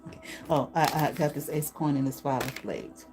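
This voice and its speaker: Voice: medium pitch, steady tone, moderate pace, music in the background. Emphatic casual tarot reader. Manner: emphatic, repeats "okay?" as a tag, blunt with casual swearing. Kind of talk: casual spoken tarot reading.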